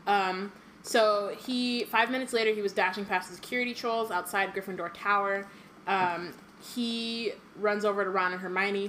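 A woman's voice: medium pitch, fairly even intonation, moderate pace, a bit bright, a little hiss or hum, poor audio. A woman reading a book aloud with frequent filler ums and joking asides, in a casual chat. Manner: reads passages with many filler ums and asides. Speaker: podcast co-host reading aloud.

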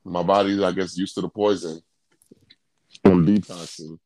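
A man's voice: low voice, level tone, moderate pace, warm tone, no room sound. A man co-hosting a casual chat, talking in a laid-back, rambling way with fillers, sounding a little congested. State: congested, under the weather. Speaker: podcast co-host.

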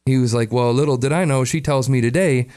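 A man's voice: medium pitch, quick pace, clean tone. Give me a laughing man telling a story. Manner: animated storytelling, retells a friend's words, laughs often. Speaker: podcast co-host. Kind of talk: casual chat.

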